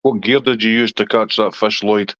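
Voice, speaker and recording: A Scottish man hosting a casual live chat with viewers in a relaxed, chatty way. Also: normal speed, dry recording. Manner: relaxed, chatty, talks to his dog in a high baby voice. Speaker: livestream host chatting with viewers. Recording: dull lo-fi dry sound.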